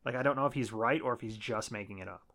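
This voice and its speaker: A man's voice: medium pitch, quick pace, fairly bright tone. A man co-hosting a casual movie review podcast, laid-back and swearing freely. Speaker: podcast co-host.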